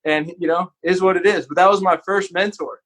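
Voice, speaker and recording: High-voiced man telling a candid story. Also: steady tone, brisk, fairly bright tone. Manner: earnest, candid, sprinkles in "man" and "like". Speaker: podcast guest. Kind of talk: casual storytelling.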